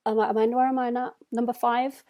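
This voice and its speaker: Woman writer, reflective monologue, slightly higher voice, measured with frequent pauses. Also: flat delivery, dull audio. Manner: thoughtful, measured, frequent hesitations. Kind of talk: spoken personal reflection.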